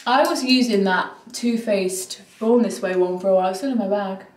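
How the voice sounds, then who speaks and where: A woman's voice: mid-range voice, normal speed, distant mic. A young British woman vlogging in casual chat with a friend, playful and casually swearing. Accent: British English. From United Kingdom. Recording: echoey room, away from the mic.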